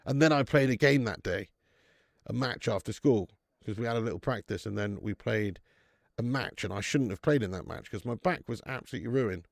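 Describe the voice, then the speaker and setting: A man hosting a fan watch-along live stream, chatty and rambling, swearing freely as he reads out viewer comments. His voice has a gravelly, fry-heavy grain. He is heard close on a dry-sounding mic. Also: on the low side, brisk, dry recording.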